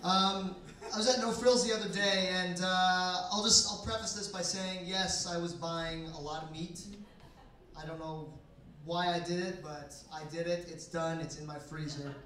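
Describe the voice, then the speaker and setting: A young man delivers a stand-up set in a dry, deadpan, sarcastic way, his voice sitting fairly high. He is heard from across an echoey bar basement. Faint room noise sits underneath. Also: normal speed. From Canada. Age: 20s. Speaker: stand-up comedian. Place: bar basement comedy night. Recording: echoey room, mic from far off.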